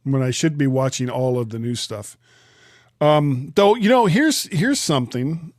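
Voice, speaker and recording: A man chats easily as a podcast host, quick to laugh. His voice sits in a middle pitch. The sound is dry and close. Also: expressive, dry recording. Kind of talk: casual chat.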